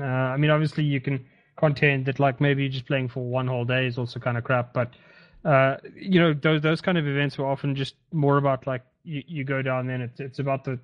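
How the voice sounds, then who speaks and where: A man from South Africa co-hosting a casual esports podcast, talking in halting bursts with teasing asides. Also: medium pitch, dull audio. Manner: halting, many fillers and restarts, teasing. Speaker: podcast co-host.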